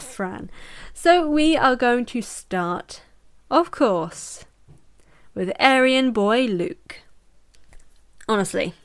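A young woman hosting a casual book review podcast, chatty and jokey, often breaking into laughter. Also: fairly high pitch. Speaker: podcast host.

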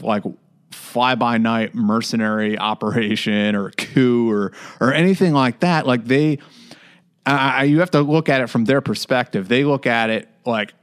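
A man from the United States talking through a story in casual podcast chat, with frequent fillers and restarts. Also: medium pitch. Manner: conversational, many fillers and restarts.

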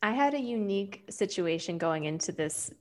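A woman's voice: medium pitch, animated, moderate pace, darkish tone. A woman with a mid-range voice breaks down reality TV on a podcast. She is dry and analytical and makes jokes at her own expense. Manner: wry, self-deprecating, analytical. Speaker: podcast co-host. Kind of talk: casual chat recapping reality TV.

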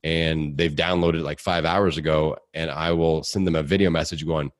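Deep-voiced Indiana man, upbeat guest. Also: moderate pace, no room sound, studio quality. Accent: Midwestern American (Indiana). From Indiana, USA. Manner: energetic, upbeat, acts out quotes. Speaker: podcast guest, coach. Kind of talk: casual interview chat.

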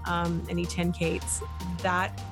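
A woman's voice: on the low side, completely flat delivery, takes it slowly, over music. A woman hosting a podcast, chatting enthusiastically with her guest and then narrating the closing. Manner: warm and enthusiastic, laughs, many fillers. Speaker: podcast host. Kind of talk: casual interview chat and closing narration.

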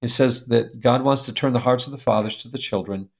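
Speaking at medium pitch and a little fast, with some vocal fry, an older male interview guest relates a personal family tale. He's animated, laughs frequently, and reads aloud from old letters.

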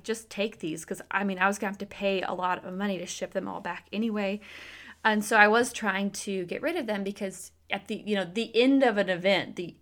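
Woman, 30s, faith speaker. Chatty storytelling that turns into an earnest, slow devotional message. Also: medium pitch, fairly bright tone. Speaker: faith speaker and business owner.

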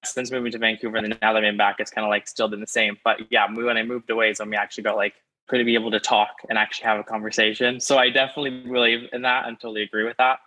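A man's voice: fairly low pitch, little pitch movement, very fast, hardly any pauses, bright, forceful tone, no echo, rough recording. A young man calling in to an advice show, rambling with lots of fillers. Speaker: caller. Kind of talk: casual phone-in chat.

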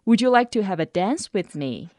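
A woman hosting a radio language lesson, saying model phrases slowly and carefully. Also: medium pitch, very animated, darkish tone, no echo, studio quality. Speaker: language teacher and host.

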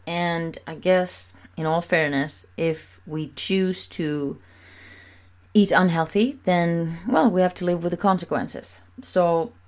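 Woman, deep voice, candid confessional vlog, emphatic and repetitive. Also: darkish tone. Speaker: vlogger.

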